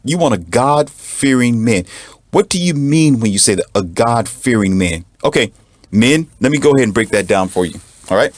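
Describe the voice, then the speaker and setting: A man delivering an emphatic, preachy monologue, repeating lines for effect and mocking others in a high put-on voice. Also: lively intonation, normal speed, dry recording. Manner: mocks others in a high mincing voice. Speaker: commentator. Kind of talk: monologue to the camera.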